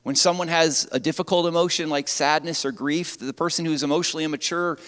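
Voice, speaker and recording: A man preaching a sermon as pastor, animated and conversational. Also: on the high side, quick pace, smooth. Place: church sanctuary. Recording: long church reverb.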